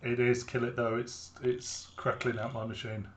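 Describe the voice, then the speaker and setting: Blunt, teasing British podcast co-host. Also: male voice, mid-range voice, completely flat delivery, normal speed. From United Kingdom. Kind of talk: casual chat.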